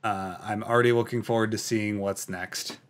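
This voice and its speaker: A man's voice: on the low side, fairly even intonation, normal speed. A man from Canada hosting a casual podcast, reading out viewer comments in a rambling, filler-heavy, enthusiastic way. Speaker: podcast host.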